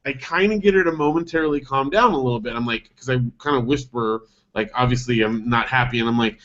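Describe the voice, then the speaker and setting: A man's voice: medium pitch, fast, hardly any pauses. A man in his thirties, a dad, casually telling a story on a podcast, rambling and acting out the voices of people in it. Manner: rambling, acts out dialogue with animated voices. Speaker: podcast co-host. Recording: dull lo-fi podcast audio.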